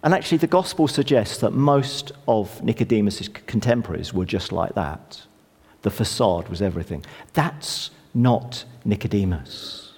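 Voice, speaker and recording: A middle-aged man preaching a sermon in a conversational, lively way with touches of self-deprecating humour. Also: on the low side, normal speed, slightly rough. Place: church hall. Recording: long church reverb.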